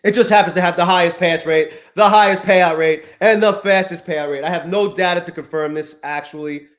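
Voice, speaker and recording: Guy rambling on a livestream, swears a lot, talks to chat, kinda high voice, echoey room. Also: steady tone, brisk. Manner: profane, rambling, greets chat viewers. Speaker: livestream host. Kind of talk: casual live-stream chat.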